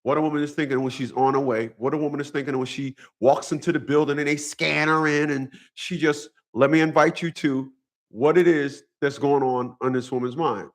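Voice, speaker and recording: At medium pitch and a fairly quick pace, a vlogger's steady voice carries a casual monologue aimed at his audience. He swears, repeats himself, and tells his story in a preachy way.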